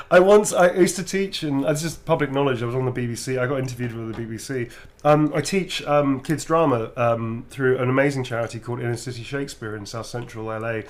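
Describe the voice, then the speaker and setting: A man's voice: mid-range voice, a little hiss or hum. Laughing, swearing British man. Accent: British English. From Britain. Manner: laughs often, swears freely, animated storytelling. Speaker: actor signing autographs. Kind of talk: casual chat during a livestream signing.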